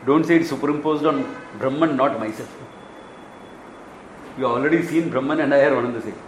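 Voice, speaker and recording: A man from Kerala with an Indian accent, giving a Vedanta discourse as a spiritual teacher, animated and quick to act out little dialogues with chuckles. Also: medium pitch, echoey room, slight background noise, poor audio. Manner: animated storytelling, acts out dialogues, chuckles often.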